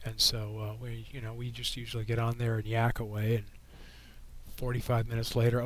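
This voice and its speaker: An astronomy livestream host talks with a frog in his throat, his mid-range voice fairly quick, holding the microphone right in front of his mouth. Relaxed and rambling, he reads viewers' chat questions aloud and answers them. The low-quality recording has a little hiss or hum.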